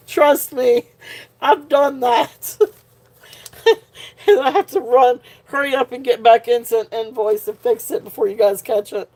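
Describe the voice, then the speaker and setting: A woman with a slightly high, slightly mellow voice speaks a little slowly and pauses often while hosting a live jewelry sale. Tired and punch drunk, she keeps giggling as she chats.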